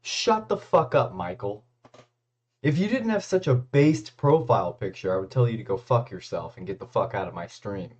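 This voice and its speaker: A man's voice: fairly low pitch, lively intonation, normal speed, a little mellow, slightly rough, highs cut off. A man chatting casually on his livestream, laid-back and crude, with mumbled asides to his chat.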